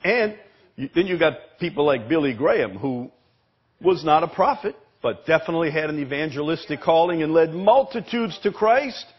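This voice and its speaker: A man preaching a sermon as pastor, emphatic, repeating words and asking the congregation questions, with a husky voice. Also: on the high side, expressive, moderate pace, muffled recording. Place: church sanctuary.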